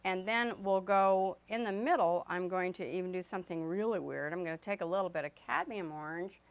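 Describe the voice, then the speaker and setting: Painting as she teaches, a woman with a lowish voice runs an oil painting demonstration a little fast. She chats casually, using filler words and correcting herself along the way.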